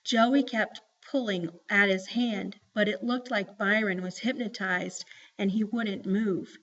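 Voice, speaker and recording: A woman reads a novel aloud with steady, expressive storytelling. Her voice sits at an ordinary middle pitch. The recording sounds slightly dull and lo-fi. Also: a little slow. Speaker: reader.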